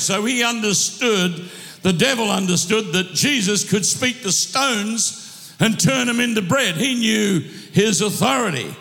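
A male pastor preaching a sermon with a strained throat, exhorting in loud bursts with humorous asides. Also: high voice, expressive, a little slow, creaky, big-room sound.

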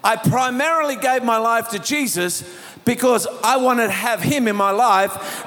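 High-voiced preacher in a reverberant hall. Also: male voice, a little slow, faint music behind, a faint crowd. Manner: storytelling, builds to shouted passionate preaching. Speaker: pastor. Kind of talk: sermon.

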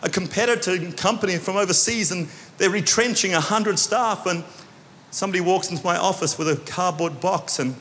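A man from New Zealand with a New Zealand accent, preaching an animated sermon that swings between loud shouts and quiet asides. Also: high-pitched, fairly quick. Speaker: pastor. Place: church hall. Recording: long hall reverb.

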